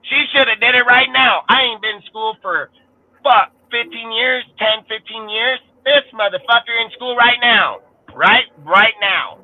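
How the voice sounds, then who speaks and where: A man's voice: very high voice, unhurried. Heated, cursing man on a tinny line. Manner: profane, heated, rambling. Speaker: sports podcast host. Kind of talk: ranting casual talk. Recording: tinny phone-like sound.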